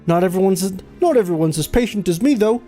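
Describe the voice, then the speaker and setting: A streamer voicing a blunt, low-born male soldier in a video game, in a rough, put-on working-class accent. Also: lively intonation, fast talker, warm tone, faint music behind, lightly acted. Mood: gruff.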